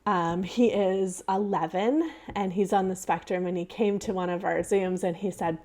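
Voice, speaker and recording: A woman's voice: medium pitch, fairly even intonation, moderate pace, a little mellow. A woman giving a casual, earnest talk full of anecdotes, with many fillers and restarts. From Canada. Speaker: presenter on children's mindfulness.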